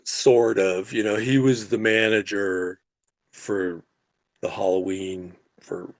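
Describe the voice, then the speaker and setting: A middle-aged man co-hosting a podcast, telling a story in casual, animated chat and swearing freely. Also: lowish voice, slow pace, dry recording. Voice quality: gravelly, husky. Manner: animated, profane storyteller who yells quoted lines. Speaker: podcast co-host.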